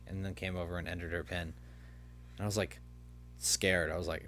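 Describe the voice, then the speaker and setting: Low-voiced young man rambling. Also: a little fast. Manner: rambling, filler-heavy storytelling. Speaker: podcast host. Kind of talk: casual chat.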